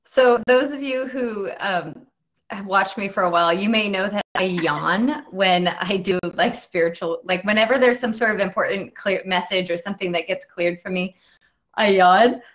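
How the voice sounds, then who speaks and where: A woman hosting a casual video interview, talking in a chatty, halting way with many fillers, restarts and frequent laughs. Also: medium pitch, fairly bright tone. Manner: laughs often while talking. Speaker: interview host.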